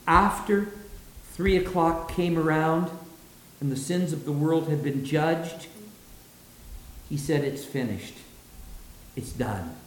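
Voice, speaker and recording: Male preacher, sermon, slow and deliberate, slightly high voice, roomy echo. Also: fairly even intonation. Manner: dramatic, drops low and soft for quoted words.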